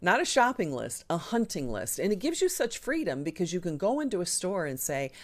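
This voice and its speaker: A woman hosting a live online show, chatting casually and enthusiastically with frequent ums and a lively, swinging delivery. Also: on the low side, fairly quick. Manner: chatty and enthusiastic, talks with her hands in the air of her voice, frequent ums. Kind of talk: casual live-stream chat.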